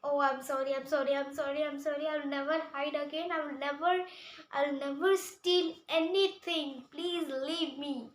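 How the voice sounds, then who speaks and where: A man's voice: very high-pitched, steady tone, normal speed, a bit bright, reverberant. A woman voicing a scared male thief who keeps begging and apologizing. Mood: pleading. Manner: pleading, repeating apologies.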